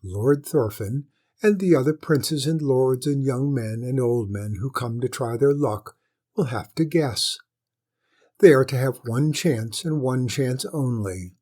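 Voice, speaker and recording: A man voicing a sly, knowing male court jester in a storybook reading, with a courtly, measured manner. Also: medium pitch, mellow, lightly acted.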